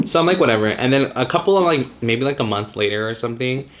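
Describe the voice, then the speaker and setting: A man's voice: mid-range voice, lively intonation, fast talker, a little hiss or hum. A man in his twenties from Southern California, telling a casual storytime vlog. He swears constantly, leans on "like," drops in Spanish words and acts out his own reactions. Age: 20s. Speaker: vlogger.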